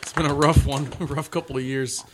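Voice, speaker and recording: A man's voice: mid-range voice, steady tone, a little fast, a bit bright, a little hiss or hum. A young man on a podcast, sheepish and giggly in casual chat.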